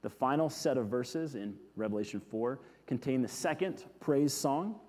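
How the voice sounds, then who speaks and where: A man preaching a sermon, earnest, repeating key words and letting them fall soft. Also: mid-range voice, expressive, normal speed, long reverb tail. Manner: earnest, with emphatic repetitions falling soft. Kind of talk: sermon teaching on scripture.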